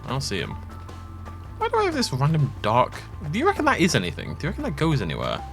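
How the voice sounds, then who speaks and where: A man's voice: a little high, huge pitch swings, fast talker, soft background music. A young man giving casual, rambling, self-deprecating let's play commentary. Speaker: gaming YouTuber.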